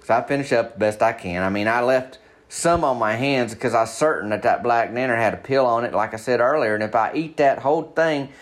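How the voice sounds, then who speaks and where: A man with a drawl spins a rambling comic yarn at a middle pitch. He talks in a folksy, deadpan way and sometimes slows down to spell a point out. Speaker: storyteller. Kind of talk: comic rural storytelling.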